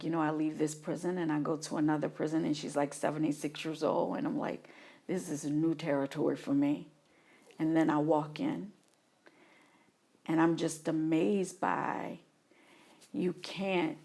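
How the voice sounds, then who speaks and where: Low gravelly-voiced woman telling her story. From New Orleans. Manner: animated retelling, acts out her own past reactions. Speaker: guest, mother of an incarcerated son. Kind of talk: emotional interview storytelling.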